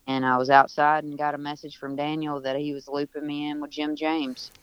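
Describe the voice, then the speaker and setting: A man's voice: fairly high pitch, flat delivery, a little fast, clear, resonant tone, no echo, highs cut off. A man at home on a video call, a musician telling stories in a casual, rambling interview with many restarts. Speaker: musician guest.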